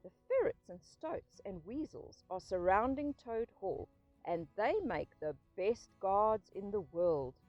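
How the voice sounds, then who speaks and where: A stern old badger, wise and severe, speaks in a thin, dry voice, as a woman reader puts him on. His pitch climbs and falls widely as he scolds and soothes. Faint music sits under this storybook reading. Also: expressive, slow, no room sound, lo-fi sound. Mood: kindly. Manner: severe, commanding, then gently soothing.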